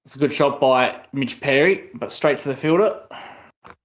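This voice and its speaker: A man from South Australia with an Australian accent, commentating a cricket match live for his stream in a casual, excitable way that jumps up on big moments. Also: mid-range voice, moderate pace, highs cut off. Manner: excitable, rises sharply on wickets.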